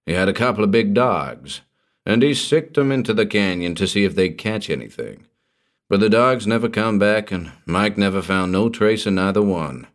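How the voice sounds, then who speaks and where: A man voicing a superstitious old backwoods hermit, in a slow rustic drawl that keeps dropping to a hushed, ominous tone. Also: lowish voice, expressive, close to an everyday voice.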